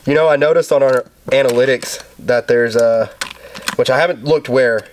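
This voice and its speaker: Guy, mid-pitched, rambling and joking with swears, garage vlog host. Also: moderate pace, background noise. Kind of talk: casual chat while working on a clutch. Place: home garage.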